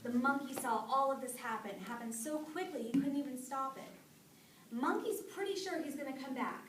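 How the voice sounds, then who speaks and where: A woman's voice: high voice, moderate pace, far from the mic, slight background noise. A young woman telling a folk tale to a live group in a casual, chatty way. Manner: chatty, animated, with fillers. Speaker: storyteller. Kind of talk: casual oral storytelling to an audience. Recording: echoey room, voice from off-mic.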